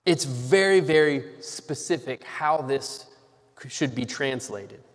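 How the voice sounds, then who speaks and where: A man preaching a sermon, teaching slowly and deliberately with emphatic stresses on key words. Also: mid-range voice. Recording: long reverb of a large hall.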